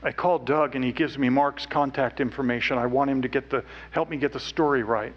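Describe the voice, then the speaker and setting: A man speaking on stage, telling a personal story earnestly, dropping to hushed tones at times. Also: medium pitch, fairly even intonation, brisk, highs cut off. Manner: earnest, with quiet hushed stretches. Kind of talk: emotional storytelling talk.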